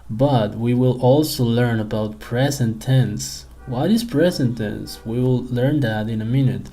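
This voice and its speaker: A man's voice: medium pitch, dark tone, poor audio. A man teaching a simple English lesson to children, asking them many friendly questions. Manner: slow, patient, talks to kids with questions.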